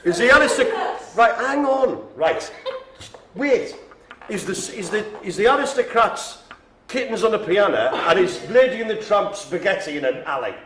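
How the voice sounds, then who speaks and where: Cracking jokes and bantering with the room, a lively male bingo caller runs a live-streamed game in a care home lounge. His voice sits high and moves at a moderate pace, with background noise and an echoey sound.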